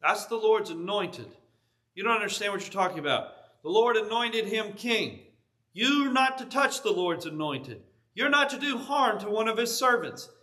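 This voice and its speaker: A preacher voicing an earnest young warrior. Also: male voice, high voice, expressive, moderate pace, pushed and bright. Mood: firm. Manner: earnest, firm, pleading.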